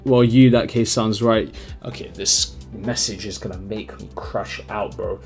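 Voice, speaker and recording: A man's voice: fairly low pitch, steady tone, measured pace, gravelly, soft background music. A young man, casually reading text messages aloud and adding blunt, slangy, mocking comments as a dating advice creator.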